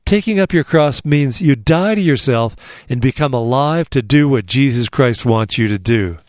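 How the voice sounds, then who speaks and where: A man hosting a Christian radio program, giving measured, formal introductions. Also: mid-range voice, animated, no room sound, clean studio sound. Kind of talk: scripted radio announcing.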